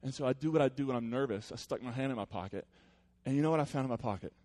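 A male pastor preaches a sermon in an earnest, conversational, middle-pitched voice, as if chatting with friends, before easing into quieter, reflective stretches. He speaks in rapid-fire fashion.

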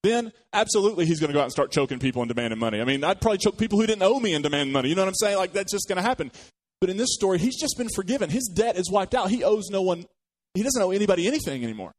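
Male pastor, sermon delivery, conversational with rhetorical questions, slightly higher voice. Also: animated, racing. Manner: conversational, asks the congregation questions, jokes.

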